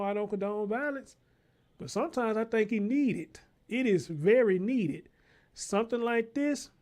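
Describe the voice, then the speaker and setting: On his own show, a high-voiced man with a darkish tone gets worked up over news clips, swearing through his commentary and calling out to listeners like a preacher.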